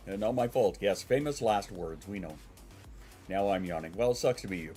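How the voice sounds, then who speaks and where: A deep-voiced man with a congested, stuffy sound chats casually on his home stream. He rambles, swears offhand and answers his viewers as he goes. Soft music plays faintly in the background. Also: expressive, normal speed.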